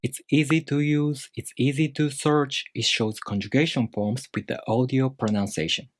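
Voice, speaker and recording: A man teaching a language lesson in a calm, methodical way, explaining step by step and saying example words aloud. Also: medium pitch, normal speed. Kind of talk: instructional video lesson.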